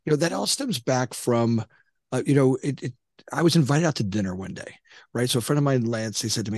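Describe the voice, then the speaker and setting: A man in his fifties talks as an interview guest, wandering through his story with frequent restarts and fillers. His voice sits at an ordinary middle pitch, and the recording is close and dry. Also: lively intonation, fairly quick, a little mellow, no room sound. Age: 50s. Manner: rambling, many restarts and "you know"s. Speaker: guest entrepreneur.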